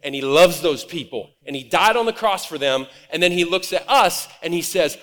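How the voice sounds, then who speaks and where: Man, pastor, high voice, lively casual sermon, church hall with a long echo. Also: moderate pace, few pauses. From Nebraska, USA. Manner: conversational and animated, acts out quoted voices. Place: church auditorium. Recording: reverberant hall.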